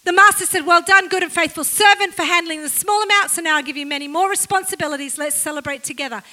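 A woman preaching a sermon to her church in a lively, self-mocking way, laughing often. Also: very high-pitched, quick pace, rough recording.

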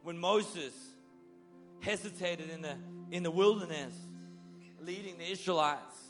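A male preacher giving a sermon, swinging between loud bursts and soft, low lines as he acts out biblical figures. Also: measured pace, soft background music.

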